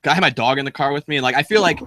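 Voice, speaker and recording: A man's voice: on the high side, rapid-fire, sharp tone. A man co-hosting a casual comedy podcast, teasing the others in a dry way.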